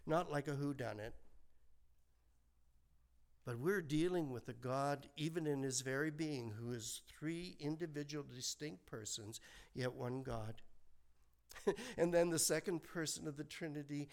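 A man in his seventies preaches at an unhurried pace, his voice rough with a gravelly edge. He talks to the congregation conversationally, leaning on rhetorical questions and homely asides. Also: fairly high pitch. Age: 70s. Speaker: pastor. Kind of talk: sermon.

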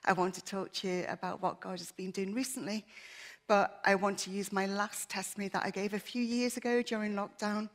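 A woman's voice: mid-range voice, steady tone, a little fast. A woman giving an earnest, emotional personal testimony in church, her voice shaky at times. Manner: earnest, emotional, with many fillers.

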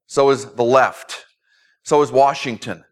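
A man's voice: mid-range voice, fairly even intonation, a little slow. A man preaching a sermon as pastor, earnest, with emphatic repetition.

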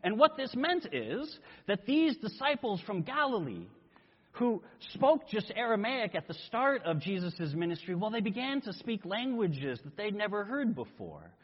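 A man preaching a sermon, telling a story in an animated way and acting out voices. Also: high-pitched, normal speed, husky. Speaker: pastor. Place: church sanctuary. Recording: echoey hall, dull lo-fi sound.

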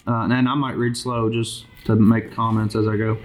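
A man leading a small group Bible study, reading scripture aloud and commenting in a conversational, halting way with frequent restarts. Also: lowish voice, little pitch movement. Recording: noisy amateur recording with clicks.

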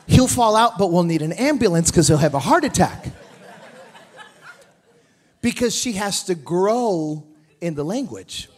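Give me a middle-aged man preaching a revival sermon in church, high-voiced and lively, mixing jokes with shouted emphasis. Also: unhurried, breathy edge. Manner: animated, joking asides, rising to shouted emphasis. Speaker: pastor. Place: church sanctuary.

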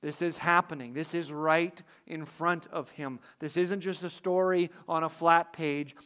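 A man's voice: on the high side, pushed and bright. A man preaching a sermon, reflective, asking his listeners rhetorical questions.

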